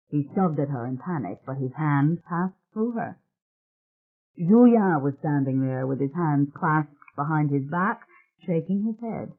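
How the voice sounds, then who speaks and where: A narrator giving a steady, dramatic reading of a suspense audiobook. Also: medium pitch, a little slow. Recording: tinny phone-like sound.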